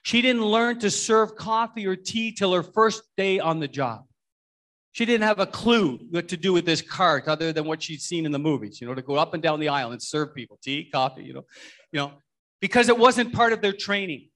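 A man's voice: high-pitched, moderate pace, a bit bright. A middle-aged man preaching a sermon as pastor, folksy and storytelling, often repeating words and restarting his sentences.

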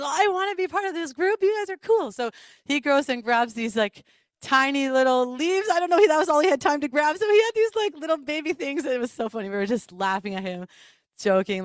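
A woman's voice: medium pitch, clear, resonant tone, no room sound. A woman telling a personal testimony during a church service, then leading into worship, with laughs and restarts as she tells it. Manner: animated storytelling with laughs and restarts. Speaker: worship leader. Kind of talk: sermon testimony.

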